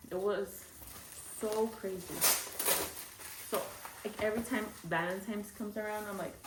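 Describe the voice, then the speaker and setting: A woman's voice: medium pitch, darkish tone, slight background noise. A young woman telling a personal story in a casual vlog, chatty and full of fillers. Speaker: vlogger. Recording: echoey room from a far mic.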